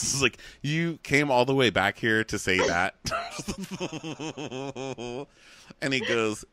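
A man's voice: mid-range voice, wildly swooping pitch, slow, a bit bright, no echo. A man co-hosting a casual chat, retelling scenes with a mocking, laughing manner. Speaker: podcast co-host.

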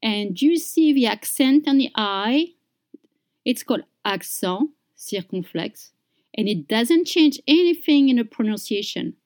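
A woman teaching pronunciation, saying each word slowly and clearly and repeating it for learners. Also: fairly high pitch. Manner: slow, deliberate, repeats words for learners. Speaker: French teacher. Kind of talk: slow pronunciation lesson.

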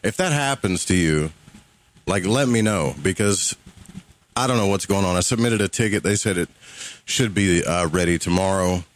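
A man's voice: low voice, normal speed. A man with a Southern US accent hosting a live call-in radio show, talking casually and a little rambling. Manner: laid-back, rambling, swears casually.

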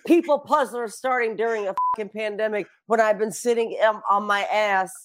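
A woman's voice: medium pitch, a little fast. Brief: middle-aged woman, brash storyteller, loves a punchline and a curse. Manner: animated storyteller who swears and acts out quotes. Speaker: guest. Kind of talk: casual chat.

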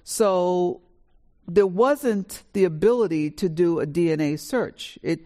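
A woman in her sixties from New York, an author telling her family story on a live panel in a lively, animated way. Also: lowish voice, takes it slowly. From New York, USA. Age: 60s. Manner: lively, animated storyteller who acts out dialogue. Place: college auditorium with a live audience.

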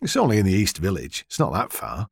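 A man's voice: low voice, huge pitch swings, quick pace, gravelly, slightly rough, no room sound, studio quality, full character voice. A man voicing a cheeky, blunt English husband with a teasing, sarcastic edge in an audiobook.

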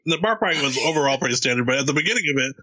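A man's voice: medium pitch, animated, racing, bright, forceful tone, no room sound, rough recording. A man in casual chat, telling stories with lots of swearing and laughter and acting out scenes. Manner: profane, laughing storyteller who acts out scenes.

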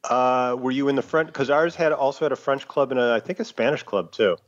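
A man's voice: medium pitch, fairly quick. A man co-hosting a podcast, teasing his co-host in casual, joking banter. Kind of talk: casual chat. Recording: slightly dull lo-fi sound.

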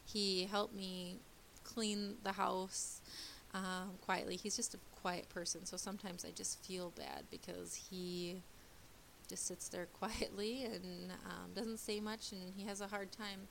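A woman in her thirties, a mother, telling a personal story in a candid, halting way with many pauses and restarts. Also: mid-range voice, little pitch movement, gravelly, fairly bright tone, slight background noise. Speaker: mother sharing her day.

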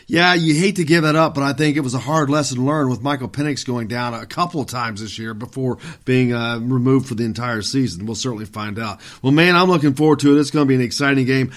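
A man hosting a sports radio show, chatting with a guest and then reading a scripted sign-off in a friendly, upbeat way. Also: medium pitch. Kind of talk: casual talk and scripted sign-off.

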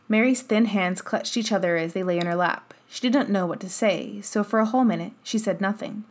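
Calm female audiobook narrator, mid-range voice, even storytelling. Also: medium pitch, a little fast, hardly any pauses. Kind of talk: scripted narration.

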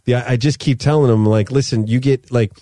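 A man's voice: medium pitch, fairly even intonation, brisk, mellow, no room sound, studio quality. A man in his thirties hosting a podcast, telling long rambling stories in casual chat. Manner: rambling storyteller, acts out his sons' voices. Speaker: podcast host.

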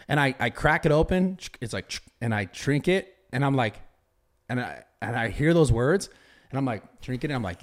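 A man's voice: mid-range voice, lively intonation, moderate pace. A young man on a podcast, telling a story animatedly, swearing a lot and restarting his sentences. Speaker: podcast host. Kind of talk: casual podcast chat.

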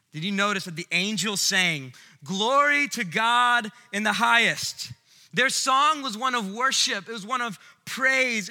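A man preaching a sermon in a bright, sharp, high voice. He swings from loud, emphatic bursts to hushed, quiet lines. The sound rings with the long reverb of a large hall. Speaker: pastor.

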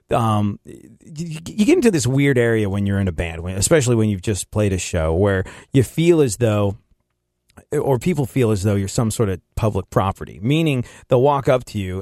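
A man's voice: medium pitch, a little mellow, no room sound. Guy hosting a podcast, rambly and laughy, dry close mic. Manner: rambling, laughs often, mimics voices. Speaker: podcast host. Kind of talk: casual chat.

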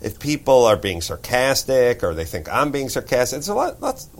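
A man's voice: medium pitch, normal speed. A middle-aged man hosting a podcast, chatting casually and joking with mocking asides. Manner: animated, jokey, mocking asides. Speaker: podcast host. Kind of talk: casual comedic chat.

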